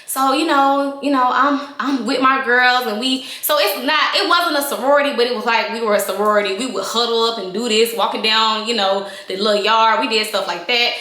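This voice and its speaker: A young adult woman telling a candid storytime vlog to her viewers, animated and chatty, acting out the scenes as she goes. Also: fairly high pitch, a little fast, hardly any pauses, echoey room. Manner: animated, reenacting scenes with voices and gestures. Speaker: vlogger.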